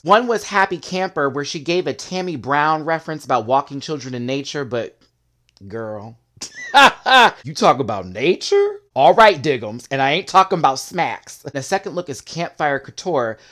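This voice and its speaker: A man giving a casual, sassy recap of a reality competition episode, with quick asides and bursts of laughter. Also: mid-range voice, a bit bright. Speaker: show reviewer.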